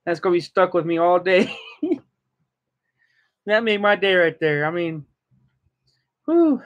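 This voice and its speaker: On a dull lo-fi recording, a man reacting as a vlogger chats casually, his measured speech full of big pitch swings. He laughs frequently, a giggly, high laugh.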